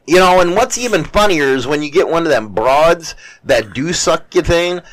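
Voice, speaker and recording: A man's voice: on the high side, lively intonation, normal speed, hardly any pauses, low-quality recording. A man bantering crudely and joking in a profane, casual chat.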